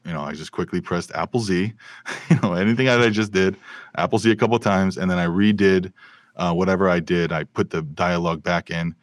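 A man's voice: low voice, fairly quick, no room sound. A man, a film and television sound mixer, telling stories animatedly in a casual podcast interview. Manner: animated storyteller with many fillers and restarts.

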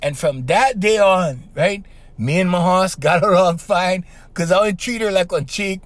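A middle-aged man, hosting a podcast in a casual monologue. He tells stories in an animated way, keeps checking in with "right?", and has the strong voice of a trained singer. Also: high-pitched, unhurried, no room sound. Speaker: podcast host.

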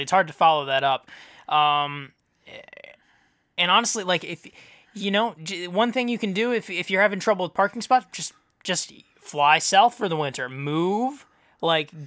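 Casting: male podcast host, rambly and deadpan, bright tone, dry close mic. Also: sits high, normal speed, no echo. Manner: rambling, many fillers, deadpan jokes. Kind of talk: casual chat.

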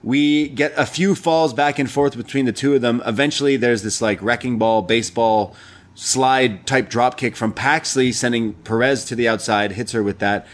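A man's voice: medium pitch, normal speed. A man co-hosting a casual wrestling review, walking through matches move by move with loose fillers. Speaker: wrestling show co-host.

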